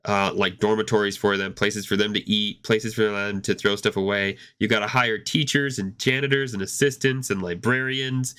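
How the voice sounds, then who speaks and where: A man's voice: fairly low pitch, bright, forceful tone, clean tone. A man co-hosting a gaming podcast, chatting casually and rambling with many restarts, fighting off a cough. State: hoarse with a cough. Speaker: podcast co-host.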